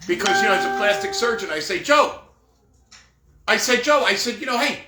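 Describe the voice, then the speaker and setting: A man's voice: sits high, animated, a little fast. A middle-aged man who works as a professional Santa, telling stories in a casual, rambling monologue with jokey asides and acted-out dialogue. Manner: acts out quoted dialogue. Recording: roomy echo with faint music.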